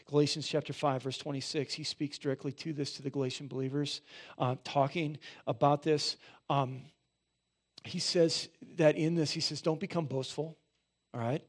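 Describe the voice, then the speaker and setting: A man preaching a sermon in a conversational way, often checking in with listeners and swelling louder on emphatic points. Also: fairly high pitch, steady tone, moderate pace. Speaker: pastor.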